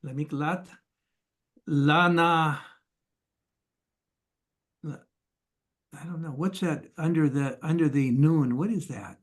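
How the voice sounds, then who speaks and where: A man practicing reading aloud, hesitantly sounding out words syllable by syllable and often clearing his throat, over a video call. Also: on the high side, steady tone, slow, long pauses. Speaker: student. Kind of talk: halting read-aloud practice.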